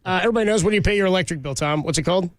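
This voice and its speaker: A man's voice: high-pitched, rapid-fire, no echo. A man co-hosting sports radio, chatting casually in an easygoing way and laughing along. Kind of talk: casual chat.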